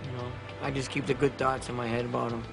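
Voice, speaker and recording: A former boxer from Massachusetts telling stories in a casual, halting interview. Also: male voice, mid-range voice, level tone, vocal fry. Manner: casual storytelling, halting restarts. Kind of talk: interview recollection. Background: music.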